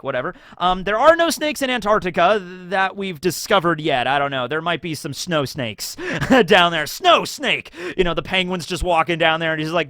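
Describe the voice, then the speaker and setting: Bright, rambling young man. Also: sits high, big pitch swings, moderate pace, no room sound, clean studio sound. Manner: rambling, joking, filler-heavy. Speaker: YouTube channel host. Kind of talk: casual commentary video.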